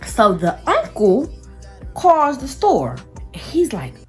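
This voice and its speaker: A teenage girl vlogger telling a story in a chatty, animated way, talking straight to her viewers. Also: a little high, slow, faint music behind. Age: teens. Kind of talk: casual storytime.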